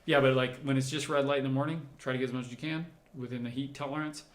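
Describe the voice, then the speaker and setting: A man's voice: mid-range voice, steady tone, quick pace, roomy sound. A man, a doctor, hosting a livestream Q&A, reading out viewer comments and answering them in a conversational, explanatory way. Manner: conversational, explanatory, thinks aloud while answering.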